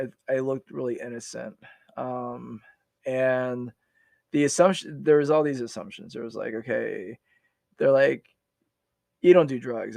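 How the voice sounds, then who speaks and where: A man's voice: mid-range voice, creaky, a little mellow, dry recording. A man in his forties, a veteran guest on a podcast, telling his story in a rambling, casual way with many restarts and fillers.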